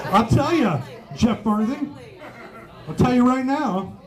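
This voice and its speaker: A man doing a stand-up set on a pub stage, swearing freely and chuckling at his own jokes. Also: extremely high pitch. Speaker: stand-up comedian. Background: faint live audience.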